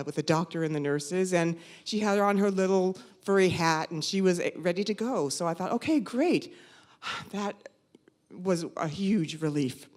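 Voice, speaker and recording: A woman in her fifties telling a personal story live, animated, conversational and self-mocking. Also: fairly low pitch. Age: 50s.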